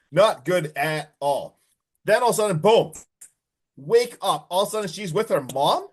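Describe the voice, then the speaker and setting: A man casually recapping a horror movie on a podcast, animated and full of swearing, acting out the characters' lines. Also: fairly high pitch. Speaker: podcast co-host.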